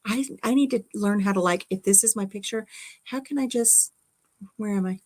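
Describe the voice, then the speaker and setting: A woman's voice: mid-range voice, normal speed, darkish tone. A middle-aged woman hosting a casual livestream from her craft room at home, rambling and chatting as she reads viewer comments aloud. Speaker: livestream host.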